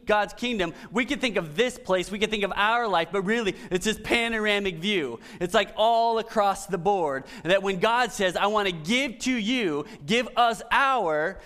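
A middle-aged man preaching a conversational sermon, often dropping to soft, emphatic lines. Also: high-pitched. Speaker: pastor.

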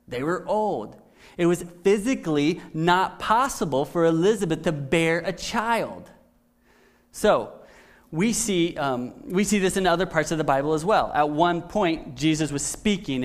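Brief: a male pastor with a fairly high voice, preaching conversationally. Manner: conversational, asks "right?" often. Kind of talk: sermon.

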